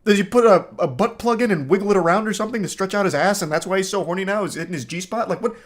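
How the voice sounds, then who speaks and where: A man's voice: high voice, rapid-fire. A man in his thirties hosting reaction commentary, reading dating texts aloud with incredulous, crude outbursts. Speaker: commentary host.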